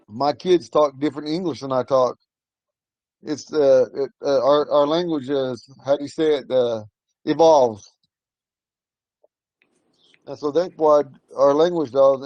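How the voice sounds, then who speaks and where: A man's voice: on the high side, a little mellow, no echo, dull audio. A middle-aged man teaching an informal language class, telling rambling stories and chuckling often. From Ponca community, Nebraska.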